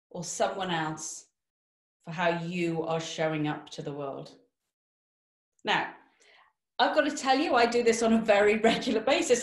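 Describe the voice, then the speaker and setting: A woman giving a motivational webinar talk, lively and direct, asking the audience questions. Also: on the high side, reverberant. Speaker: webinar speaker.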